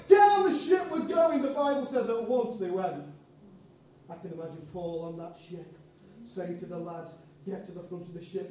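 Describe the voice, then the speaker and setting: A man's voice: high voice, darkish tone, a little hiss or hum. A man preaching a sermon, telling a story and acting out the people in it. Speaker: pastor. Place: church hall. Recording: echoey church hall, mic far off.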